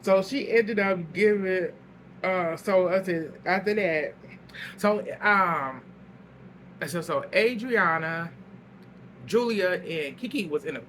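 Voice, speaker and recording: A man's voice: high voice, takes it slowly, pauses often, a little hiss or hum. A man casually recapping a reality show episode, telling it as gossip with lots of laughter and salty language. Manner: animated storytelling, laughs a lot, salty language.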